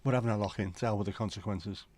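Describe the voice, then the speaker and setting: A man's voice: lowish voice, steady tone, racing, heavy background noise. A middle-aged man hosting a livestream, rambling through jokey pub-style banter while reading out chat. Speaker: livestream host. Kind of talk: casual chat reading viewer comments.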